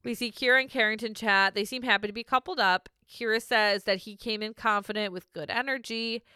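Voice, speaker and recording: A woman's voice: a little high, fairly even intonation, brisk, sharp tone, clear, resonant tone, dry recording, studio quality. A woman co-hosting a casual podcast, recapping a reality show, laughing often and swearing freely.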